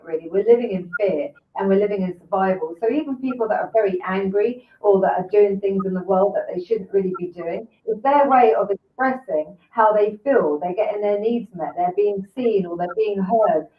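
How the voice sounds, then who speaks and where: An older woman talking earnestly about emotions and self-worth, explaining gently. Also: mid-range voice. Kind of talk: reflective conversation. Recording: echoey, distant, phone-like line.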